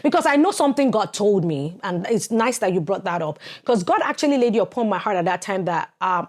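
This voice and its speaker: A woman in her forties with a Nigerian accent, co-hosting a podcast and telling a personal story in a lively way, acting out the voices of others and laughing often. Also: mid-range voice, a little fast, hardly any pauses. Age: 40s. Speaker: podcast co-host.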